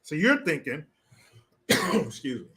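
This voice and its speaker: A man's voice: a little high, sing-song, slow pace, sharp tone, breathy edge. A man hosting a live stream, ranting with sarcastic, profane, mocking commentary. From California.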